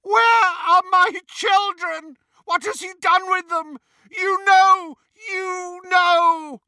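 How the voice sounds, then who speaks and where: A man voicing a distraught male beggar with a cracked, high-pitched, bellowing voice, in an audiobook reading. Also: fairly even intonation, very slow, pushed and bright, no room sound, exaggerated voice.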